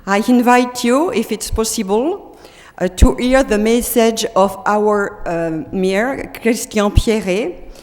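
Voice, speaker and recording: A French woman with a French accent, a visiting deputy mayor giving a prepared speech in halting English, searching for words. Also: a little high, darkish tone. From France. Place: council chamber. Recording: reverberant chamber on meeting mic.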